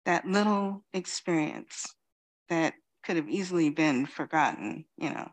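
A middle-aged woman from Queens giving a reflective dharma talk as a Zen teacher, pausing often and saying "you know". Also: low-pitched, animated. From Queens, New York City. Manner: slow, reflective, many pauses and "you know".

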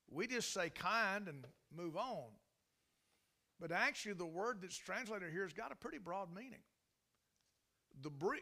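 A man's voice: high voice, bright, forceful tone. A man preaching a sermon in a folksy, emphatic way, often restarting his sentences. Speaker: pastor.

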